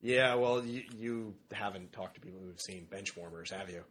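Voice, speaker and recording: A man co-hosting a podcast in casual chat, halting and repeating words as he talks. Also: sits low, fairly bright tone, slight background noise. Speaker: podcast co-host.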